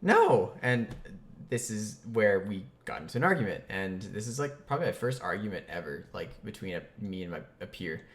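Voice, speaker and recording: A man casually telling a comic childhood story, chatty and animated, with lots of fillers and bursts of mock outrage. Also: sits low, fairly quick, hardly any pauses.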